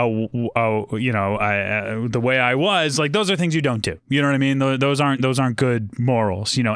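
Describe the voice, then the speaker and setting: A man's voice: medium pitch, fairly bright tone, clear, resonant tone, dry recording, studio quality. A man talking casually about a film, rambling with lots of fillers and restarts. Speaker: podcast guest. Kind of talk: casual movie discussion.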